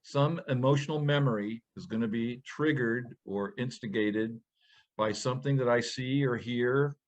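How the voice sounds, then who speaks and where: Man, co-host, measured reflective talk, thoughtful pace. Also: mid-range voice.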